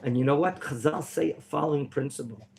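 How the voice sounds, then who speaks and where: Animated gravelly rabbi teaching a class. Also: male voice, a little high, a little fast. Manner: animated, questioning the class, bursts of theatrical excitement. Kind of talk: interactive Bible lesson. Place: classroom at a yeshiva.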